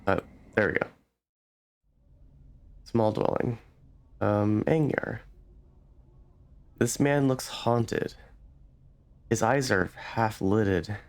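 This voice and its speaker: A man's voice: lowish voice, slow pace, gravelly, pauses often. A man hosting a let's play, reading game text aloud unhurriedly, with hesitant fillers between passages.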